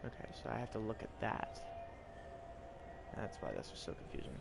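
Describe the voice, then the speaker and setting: A man's voice: on the low side, very animated, normal speed, gravelly, long pauses, noisy background. A young man chatting casually while playing a game, reading riddles aloud and joking with mock French phrases. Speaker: gameplay streamer. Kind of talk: casual gameplay commentary.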